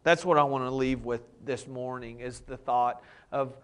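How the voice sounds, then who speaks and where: A man's voice: mid-range voice, level tone, takes it slowly, long pauses, clear, resonant tone. A man preaching a sermon, reading scripture and explaining it in a plain, conversational way. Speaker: pastor.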